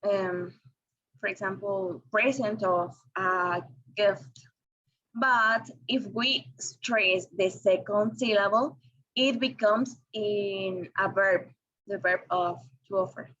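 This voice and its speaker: Slow, careful woman presenting a lesson. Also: medium pitch, fairly bright tone, lo-fi sound. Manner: slow and careful, with frequent ums and restarts. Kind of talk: reading a class presentation.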